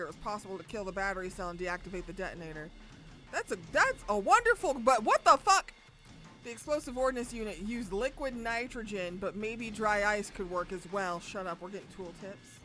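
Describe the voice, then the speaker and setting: A young woman streaming a visual novel, reading the text aloud and breaking into loud, sweary outbursts. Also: medium pitch, fairly quick, faint music behind. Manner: loud, excitable outbursts and swearing between calm narration.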